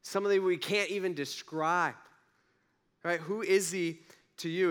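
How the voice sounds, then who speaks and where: A man, a young adult pastor, preaching a sermon in a conversational, animated way full of rhetorical questions. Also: sits high, normal speed, clear, resonant tone.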